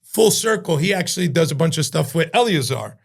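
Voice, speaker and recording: A man, a chef being interviewed, telling profane, animated stories and acting out the voices of other people. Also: a little high, brisk, creaky. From Cuban-American from New Jersey. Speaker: chef and entrepreneur, podcast guest. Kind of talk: casual storytelling interview.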